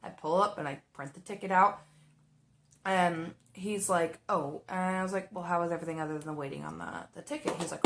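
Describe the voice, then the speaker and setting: A woman's voice: lowish voice, lively intonation, brisk, fairly bright tone, a little hiss or hum. A woman telling a work story while doing her makeup, chatty and exasperated, acting out the dialogue. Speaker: makeup vlogger.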